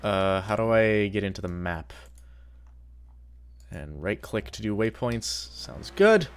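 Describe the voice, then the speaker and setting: A man's voice: lowish voice, animated, slow, slight background noise. A man streaming a game and chatting casually, rambling and swearing as he plays. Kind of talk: casual gameplay commentary.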